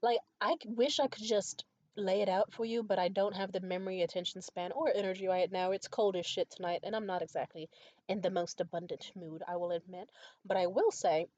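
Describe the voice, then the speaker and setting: A woman's voice: mid-range voice, steady tone, brisk, darkish tone, no room sound. A tired young woman ranting in a casual monologue, profane, exasperated and rambling. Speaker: stand-up comedian. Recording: muffled lo-fi recording.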